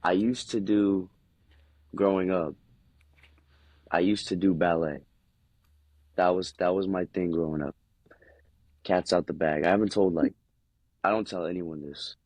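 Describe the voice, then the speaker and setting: A man with a very low voice, speaking slowly and casually as a guest. The sound is dry and close, with no room echo. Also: fairly even intonation, a little mellow. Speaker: guest, wrestler. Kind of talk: casual interview chat.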